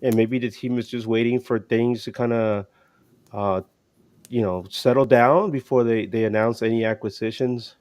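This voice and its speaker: A man's voice: mid-range voice, steady tone, normal speed, darkish tone, smooth, no room sound. A man co-hosting a casual sports podcast, talking in a rambling way with many restarts and fillers. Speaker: podcast co-host.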